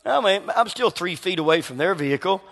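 Male pastor, high tenor register, lively storytelling sermon, big reverberant hall sound. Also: a little fast, vocal fry. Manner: animated storytelling, acts out quoted voices.

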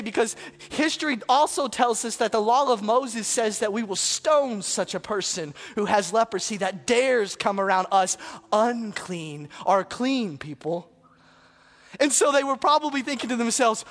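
A preacher giving a dramatic sermon that swings between loud passages and hushed asides, with faint music behind. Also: mid-range voice, expressive, unhurried.

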